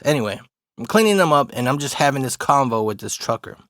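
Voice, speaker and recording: A man's voice: medium pitch, sing-song, quick pace, fairly bright tone, no room sound, studio quality. A young adult man casually telling a funny story, swearing a lot and often laughing. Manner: profane, laid-back, laughs often.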